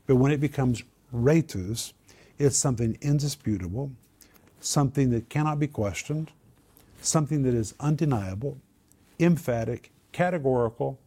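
A man's voice: medium pitch, normal speed, warm tone, breathy edge. An older man and co-host teaching the Bible in a conversational way, stressing key words by repeating them.

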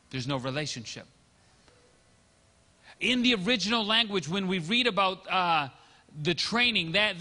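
A high-pitched, bright and forceful male pastor preaching a sermon, his voice ringing with long hall reverb. He talks in a casual storytelling way, acting out the lines of people in his anecdotes. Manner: conversational storytelling, acting out quoted dialogue.

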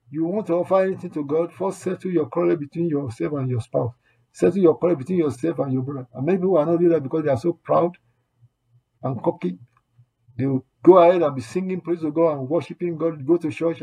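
A man's voice: fairly high pitch, dark tone, slightly rough. A man preaching a sermon, earnest and exhorting, repeating his points and quoting scripture as he goes. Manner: earnest, repetitive exhortation with quoted asides.

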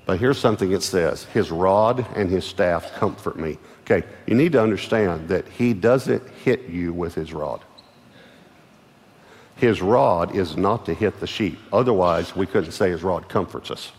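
Pastor, lowish male voice, emphatic preaching delivery in a reverberant church hall. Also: measured pace, darkish tone. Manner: emphatic preaching, building in force and pitch. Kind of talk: sermon. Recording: long hall reverb with faint music.

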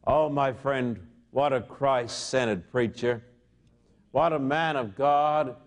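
A man's voice: mid-range voice, takes it slowly. A man in his fifties preaching a fervent sermon, often addressing his listeners as friend.

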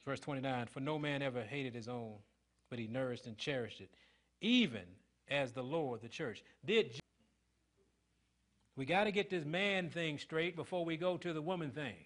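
A middle-aged male preacher with a mid-range voice speaks at a normal speed through a call-and-response sermon. He quizzes the people in the pews and swings between loud emphasis and hushed lines.

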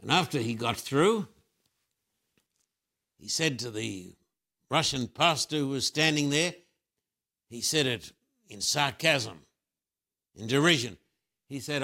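A man's voice: medium pitch, animated, takes it slowly, long pauses, pushed and bright. An older man, a Christian preacher answering questions with emphatic, repetitive preaching. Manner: emphatic preaching with repeated phrases. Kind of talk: fervent spiritual interview answers.

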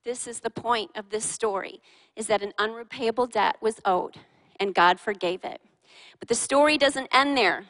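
A woman preacher with a high voice leads a lively sermon, throwing questions at her congregation and joking with them. Her tone is bright and sharp. A long reverb from the large hall trails behind every word. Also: normal speed. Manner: animated, fires questions at the congregation and teases them. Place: large church hall with a live and online congregation.

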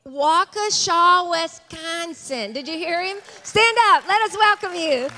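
Woman pastor, very high and bright, excited welcome to church visitors, music under. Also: a little slow. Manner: warm, excited, calls out to the congregation. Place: large church sanctuary.

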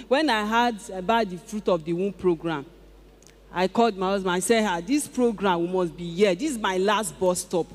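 Animated Nigerian woman giving testimony. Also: mid-range voice, normal speed. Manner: animated, exclaiming, acts out dialogue. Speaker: church testifier. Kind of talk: emotional testimony before a congregation. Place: large church auditorium. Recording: echoey large auditorium.

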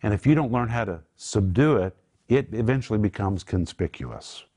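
A man's voice: lowish voice, lively intonation, moderate pace, mellow, slightly rough. A man teaching from the Bible on a Christian talk show, earnest and emphatic, praying aloud for viewers.

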